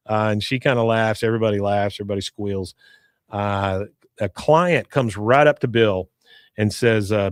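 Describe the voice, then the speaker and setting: A male podcast host recapping a cartoon episode in a casual, animated way, acting out the characters' lines. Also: lowish voice, normal speed, no room sound, clean studio sound. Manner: animated storytelling, acts out lines.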